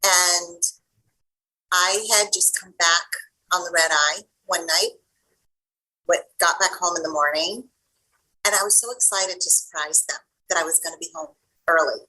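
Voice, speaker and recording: This is a middle-aged woman guest telling a personal story in an interview. Her voice is lowish and bright, with a husky edge. She tells it in an animated way and acts out the voices of the people in it. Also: measured pace, pauses often, poor audio. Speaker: guest coach.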